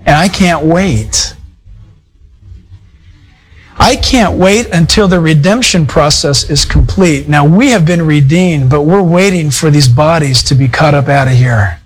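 Guy preaching to his fellowship, pretty high voice, chatty and folksy with little asides. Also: takes it slowly, pauses often, rough recording. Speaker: pastor. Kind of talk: sermon. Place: church fellowship hall.

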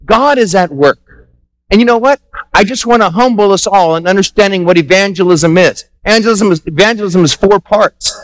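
A high-pitched man delivers a Sunday sermon from the pulpit, animated and conversational, acting out little exchanges and repeating words for emphasis. The sound is close and dry, with almost no room echo. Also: brisk. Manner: animated preaching with acted-out dialogue and repetitions. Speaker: pastor. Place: church sanctuary.

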